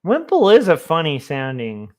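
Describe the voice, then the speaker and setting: A man's voice: fairly high pitch, huge pitch swings, moderate pace, a little mellow. A man, a comic artist, chatting casually on a livestream in a rambling, self-amused way. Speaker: comic artist streaming his work.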